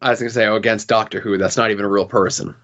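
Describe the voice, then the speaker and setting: A man's voice: fairly low pitch, rapid-fire, highs cut off. A middle-aged man hosting a podcast, chatting loosely and sometimes stammering. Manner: relaxed, loose, a bit stammering. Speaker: podcast host. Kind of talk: casual chat.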